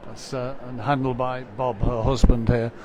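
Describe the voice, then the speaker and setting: A man's voice: mid-range voice, level tone, moderate pace, noisy background. A man presenting a live dog show stream, chatting with his co-commentator and reading out greetings from viewers.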